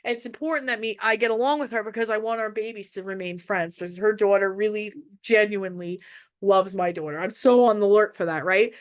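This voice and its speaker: A woman's voice: medium pitch, brisk. A mother telling a personal parenting story in a casual, candid way, often restarting her phrases. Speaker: mother sharing parenting advice.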